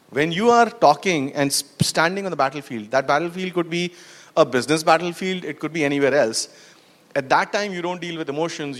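In a slightly high, somewhat bright voice, a man gives a storytelling talk at a conference. He quizzes his listeners and leans on "you know" and "right," and the hall adds a long reverb.

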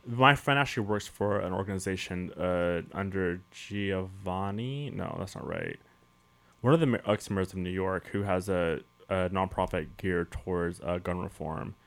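Deep voiced guy cohost, laid back chatty, trails off. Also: moderate pace, creaky, fairly bright tone. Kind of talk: casual chat.

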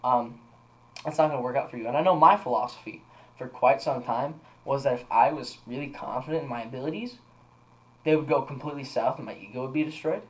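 A young man co-hosting a podcast talks fast in a mid-range voice, rambling through a story with plenty of fillers and restarts. The recording is rough.

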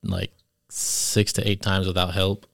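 A man's voice: low-pitched, level tone, measured pace, gravelly, a bit bright, no echo, clean studio sound. A man co-hosting a podcast, talking easygoingly with lots of hesitation. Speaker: podcast co-host. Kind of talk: casual podcast chat.

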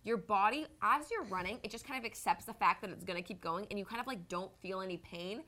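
A young woman co-hosting a podcast in casual chat, bubbly and jokey, quick to laugh. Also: medium pitch, sharp tone. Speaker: podcast co-host.

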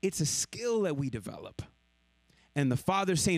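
A man delivering a sermon with a high voice that leaps all over its range. He moves between loud emphatic lines and hushed, slow ones. The sound is dry and close, with no room echo. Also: sing-song. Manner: dynamic preaching, swinging between loud emphasis and hushed lows. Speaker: pastor.

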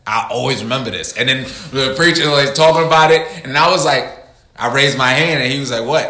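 A man's voice: mid-range voice, quick pace, reverberant. A young man co-hosting a podcast, telling stories in casual chat and acting out his younger self. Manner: animated storyteller, acts out his younger self. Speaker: podcast co-host.

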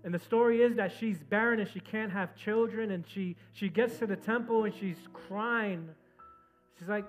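A man preaching a sermon to his congregation, swinging from loud, urgent exhortation down to soft, low storytelling. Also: moderate pace, soft background music. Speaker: pastor.

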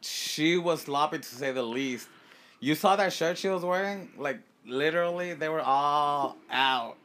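A man co-hosting a podcast tells a story in casual chat, swearing freely, laughing often and acting out what people said. His voice is fairly high-pitched and fairly bright, and his pace is a little slow.

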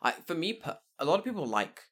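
A podcast co-host in casual chat, joking and swearing through animated banter. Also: mid-range voice, fast talker, breathy edge.

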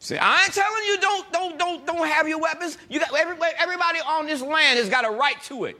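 The pastor's voice is extremely high as he leads a lively sermon. Scripture comes out slow and weighty, and he keeps the congregation engaged with call-and-response asides.

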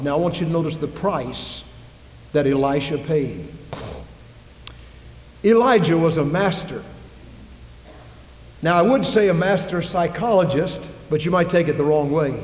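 A man preaching a sermon to his congregation, emphatic and full of rhetorical questions, recorded in a church. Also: fairly high pitch. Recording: echoey hall reverb.

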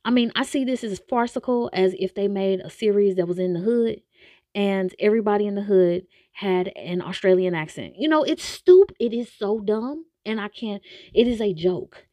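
A woman's voice: mid-range voice, normal speed, dark tone, no echo, clean studio sound. A woman hosting a podcast, ranting bluntly and with exasperation in casual opinionated commentary. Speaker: podcast host reviewing a TV series.

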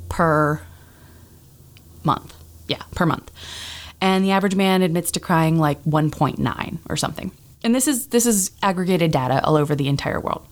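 Rambling self-deprecating woman podcast host. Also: fairly low pitch. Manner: chatty, self-deprecating, rambling with lots of fillers and restarts. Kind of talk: casual chat.

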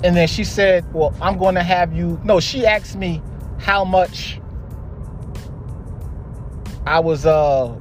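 A man's voice: sits high, takes it slowly, long pauses, faint music behind. A young man hosting a podcast, telling a story about his job in a blunt, exasperated way with lots of swearing. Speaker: podcast host. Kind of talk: casual storytelling monologue.

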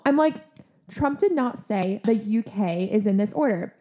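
A young woman in her twenties co-hosting a casual podcast. Her voice sits a little high, and she tells her story in a loose, animated way, leaning on "like" and acting out what others said. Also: normal speed. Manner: animated, heavy use of "like", acts out quotes. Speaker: podcast co-host.

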